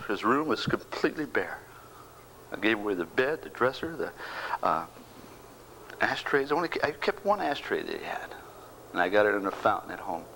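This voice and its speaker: Older man in his sixties, low voice, halting and repetitive delivery with whispered stretches, telling a personal faith testimony. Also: creaky, a bit bright, slight background noise, low-quality recording. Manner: halting, repeats words, drops into whispers. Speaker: bereaved father.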